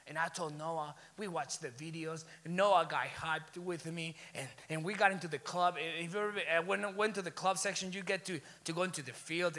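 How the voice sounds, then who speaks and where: A male pastor preaching an energetic sermon to a college crowd, telling stories with rising excitement and bursts of shouting. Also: on the high side. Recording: long hall reverb.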